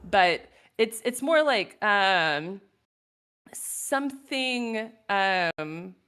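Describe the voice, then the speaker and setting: A woman's voice: medium pitch, expressive, drawn-out words, fairly bright tone, clear, resonant tone. A woman speaking in a casual chat as a guest artist, thoughtful and full of "um"s, often laughing.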